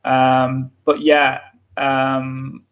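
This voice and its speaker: A man's voice: medium pitch, completely flat delivery, extremely slow, clear, resonant tone, phone-quality sound. A British man with a British accent, hosting a live English lesson and talking with many fillers and restarts. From Britain. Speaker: English teacher, livestream host.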